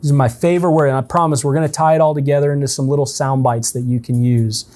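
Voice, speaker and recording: A man leading a relaxed, conversational coaching session for a team, often checking in with his listeners. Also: mid-range voice, fast. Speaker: sales trainer. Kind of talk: casual in-person coaching session.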